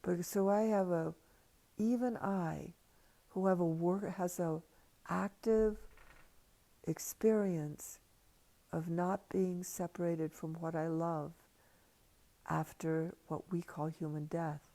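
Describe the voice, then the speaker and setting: An older woman talks slowly and quietly into a livestream mic, her low voice gravelly and dark. She drifts in and out of soft whispers as she reflects. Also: fairly even intonation. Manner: soft and hushed, slipping into whispers. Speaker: spiritual teacher. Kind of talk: slow reflective livestream talk. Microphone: livestream computer mic.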